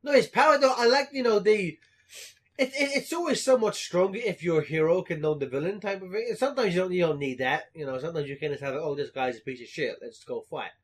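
Young male co-host, slightly high voice, animated storyteller, swears often. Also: quick pace. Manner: animated storytelling, swearing freely, bursts of laughter. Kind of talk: casual chat.

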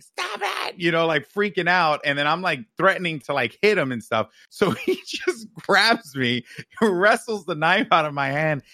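Male podcast co-host from New York: lively, swearing raconteur, bright edge, dry mic. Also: sits high, no echo. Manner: animated, profane, peppers with "right?". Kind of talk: casual storytelling chat.

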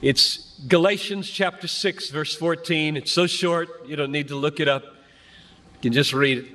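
A man's voice: fairly high pitch, a little slow, a bit bright. An older man preaching a sermon at a conference, earnest and fervent, building his points through repetition. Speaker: pastor. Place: large hall at a conference. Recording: long hall reverb.

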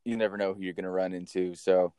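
A man hosting a podcast, telling stories in a casual, animated way and swearing now and then. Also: sits low, fast, clear, resonant tone, dry recording, clean studio sound. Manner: animated, chatty storyteller who swears casually. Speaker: podcast host. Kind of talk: casual storytelling.

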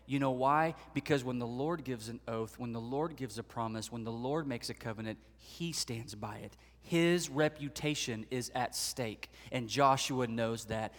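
A male pastor preaching a sermon in a lively storytelling way, acting out the voices of the people he quotes. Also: mid-range voice, moderate pace, few pauses, big-room sound.

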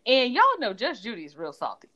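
Animated laughing woman co-host. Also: fairly high pitch, brisk, lo-fi sound. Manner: animated, laughs often, Southern-style "y'all". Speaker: podcast co-host. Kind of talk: casual chat.

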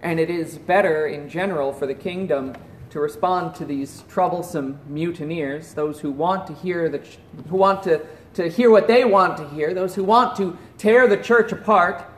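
A man preaching a sermon in an earnest voice that drops to a hush at solemn points. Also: a little high, unhurried, reverberant, a little hiss or hum. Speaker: pastor.

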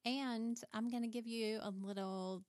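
This podcast host has a fairly high voice and a measured pace as she chats casually and animatedly with a guest. Her storytelling includes acted-out quotes and small scenes, and the studio recording is clean and dry.

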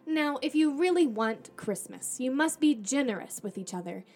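Woman host, storybook reading, first-person, animated, slightly high voice. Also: normal speed.

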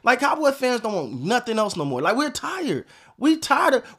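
Fed-up profane sports podcaster, high voice. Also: male voice, wildly swooping pitch, brisk, fairly bright tone, husky. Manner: frustrated, profane, repetitive. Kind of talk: casual sports rant.

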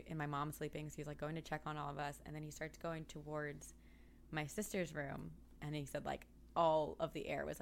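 A woman's voice: deep voice, creaky, slight background noise. A woman guesting on a podcast, telling a story in a chatty way full of filler words. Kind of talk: casual storytelling.

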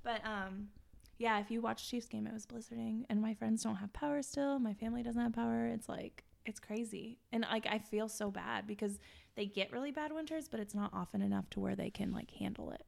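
A woman's voice: fairly high pitch, a little fast, gravelly, darkish tone. A young woman from Kansas City chatting as a guest, bubbly and laughing often, with lots of "like". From Kansas City area, USA. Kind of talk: casual chat.

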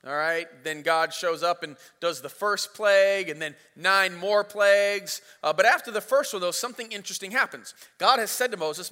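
A man's voice: high-pitched, normal speed, few pauses, pushed and bright. A man preaching a sermon as pastor, retelling the story in a casual, playful way. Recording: reverberant hall.

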